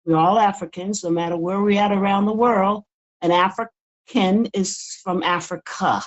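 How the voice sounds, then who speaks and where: A woman's voice: medium pitch, fairly even intonation, normal speed, dull audio. An older woman, a guest in a casual interview, talking earnestly and often repeating words as she builds her point. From United States. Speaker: guest author.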